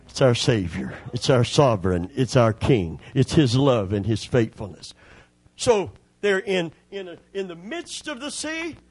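A man's voice: medium pitch, a little mellow, breathy edge. A man preaching a sermon as pastor, folksy and impassioned.

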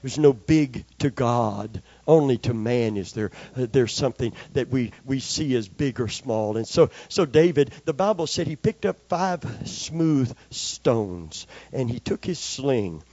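A man's voice: medium pitch, expressive, unhurried, hardly any pauses, darkish tone, no echo. An older male preacher telling a homespun story in his sermon and calling for amens from the congregation. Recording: slightly dull, dry recording.

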